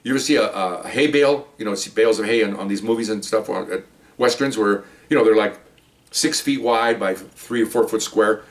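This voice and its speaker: With a lowish voice and a fairly quick pace, a male police officer rambles through a lengthy work story in a chatty, casual way. He keeps checking in with the listener, saying "okay?" now and then, and he sits a little far from the mic.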